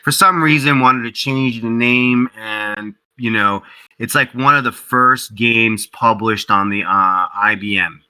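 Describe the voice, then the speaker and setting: A man being interviewed as a guest, telling a casual story in an animated way, acting out quoted dialogue, with many fillers and restarts. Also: medium pitch, unhurried, clean tone, rough recording. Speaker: interview guest, game company co-founder.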